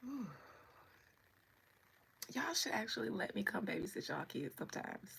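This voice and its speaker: A woman's voice: mid-range voice, big pitch swings, normal speed, vocal fry, fairly bright tone, breathy edge. A woman hosting a livestream, chatting playfully with viewers and greeting them by name. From United States. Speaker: livestream host. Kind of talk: casual chat with viewers.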